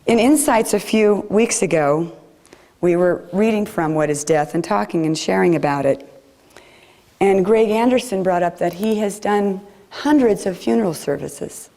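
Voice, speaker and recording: A woman preacher giving a gentle, reflective sermon in a chapel. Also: mid-range voice, normal speed.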